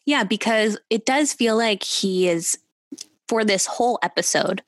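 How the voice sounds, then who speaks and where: A woman's voice: medium pitch, unhurried, no echo. A woman co-hosting a podcast, chatting casually about a TV show in a playful, blunt way. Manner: playful and blunt, laughs often. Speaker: podcast co-host. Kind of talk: casual chat recapping a TV show.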